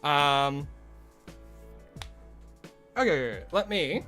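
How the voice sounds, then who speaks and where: Man, streamer, casual live chat, slightly high pitch, rambling asides, faint background music. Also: animated, moderate pace. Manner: chatty, greets chat by name, loose asides. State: recovering from a headache.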